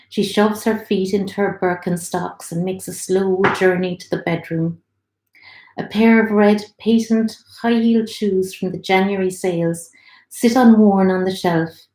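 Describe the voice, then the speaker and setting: A woman's voice: fairly low pitch, fairly even intonation, measured pace, mellow. Woman reading her own story in an echoey room. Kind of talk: live literary reading. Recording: roomy echo.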